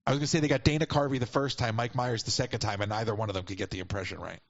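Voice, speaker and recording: A man's voice: medium pitch, fairly even intonation, very fast, no room sound. A man co-hosting a podcast who argues his points emphatically in casual political chat. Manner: emphatic and argumentative. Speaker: podcast co-host. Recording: dry, dull lo-fi sound.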